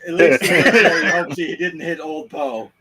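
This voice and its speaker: A man's voice: on the high side, fairly even intonation, measured pace, a loud crowd. A man co-hosting a gaming chat, reading viewer comments aloud in an amused way. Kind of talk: casual chat.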